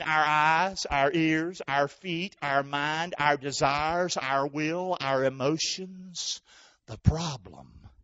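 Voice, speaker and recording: A male pastor preaching a sermon to his church, calling for responses and swinging between shouting and hushed talk. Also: on the high side, muffled recording.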